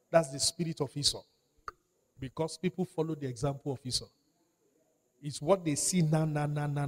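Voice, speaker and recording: A man's voice: on the high side, a little mellow. A man preaching a sermon, repeating key phrases and calling out to his congregation for responses. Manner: emphatic, repeats phrases and calls for audience response. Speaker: pastor.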